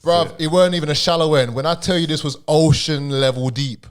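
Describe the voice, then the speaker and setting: A young man with a stammer, talking as a guest on a podcast in a casual, halting way with slang. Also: on the high side, fairly even intonation.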